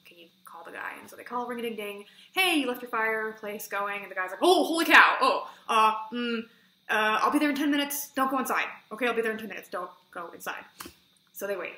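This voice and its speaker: A woman chats through a book review for her vlog, excitable and peppering every sentence with "like". Her voice is bright and forceful and sits a little high. The recording rings with the echo of a room at home. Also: fast. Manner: chatty, fillers of "like", excitable retelling. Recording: echoey room.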